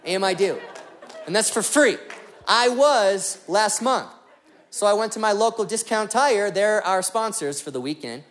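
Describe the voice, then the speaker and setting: A man's voice: sits high, animated, unhurried, fairly bright tone. A young man preaching a sermon as a pastor, joking and telling stories with animation.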